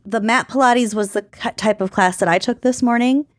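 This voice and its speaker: A woman's voice: on the high side, moderate pace, no room sound, studio quality. Enthusiastic woman podcast co-host. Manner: enthusiastic, teasing, encouraging. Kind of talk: casual chat.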